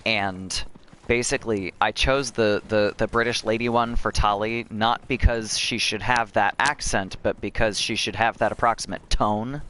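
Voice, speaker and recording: A man's voice: on the low side, steady tone, moderate pace, a bit bright. A man streaming a video game, chatting casually as he plays, rambling with many restarts and self-corrections. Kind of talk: casual gameplay commentary.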